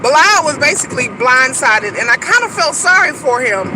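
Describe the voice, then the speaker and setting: A woman talks through a reality-show recap in loose, meandering fashion. She leans on "like" and laughs as she goes. A clear wash of vehicle and street noise sits behind her voice. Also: high-pitched, very animated, moderate pace. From Texas, USA. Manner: rambling and chatty, heavy "like" fillers, frequent laughs. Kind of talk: casual reality-TV recap commentary.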